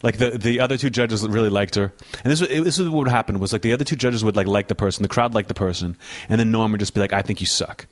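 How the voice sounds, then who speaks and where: A man's voice: lowish voice, fast. A man, a comedian guest on a talk show, telling brash, sardonic anecdotes in casual chat.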